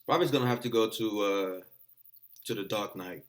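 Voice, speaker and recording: A young man vlogging in a casual chat, rambling and excitable, swearing often. English is not his first language. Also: fairly low pitch, normal speed.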